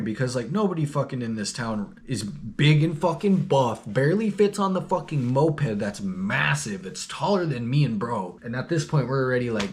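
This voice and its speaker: A man's voice: mid-range voice, big pitch swings, normal speed, few pauses. A young man tells a story casually, his speech full of slang and swearing. He rambles along at an easy pace in a middle-range voice. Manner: slangy, profane, rambling, laid-back. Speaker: vlogger.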